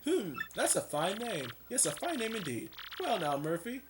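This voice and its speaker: A man doing a high, chirpy old turtle mayor. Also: normal speed, noisy background, lightly acted. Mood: chatty. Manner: high, lively, rambling. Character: old male turtle village mayor, kindly. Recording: game music playing behind.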